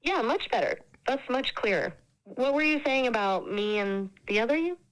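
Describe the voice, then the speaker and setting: A woman's synthetic AI assistant voice in casual chat, polite, measured and upbeat. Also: fairly high pitch, animated, low-quality recording.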